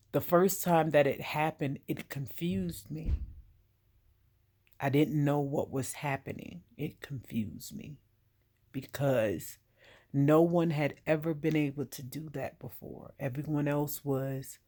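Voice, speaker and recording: A woman's voice: low voice, slow pace, warm tone. A woman and veteran speaking straight to the viewer, giving direct, emphatic advice in an earnest monologue. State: getting emotional.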